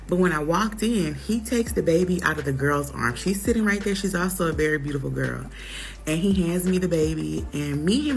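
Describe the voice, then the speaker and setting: A young woman telling a personal story in a casual, animated way, acting out what others said. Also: fairly low pitch, gravelly. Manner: animated, acts out quotes in others' voices.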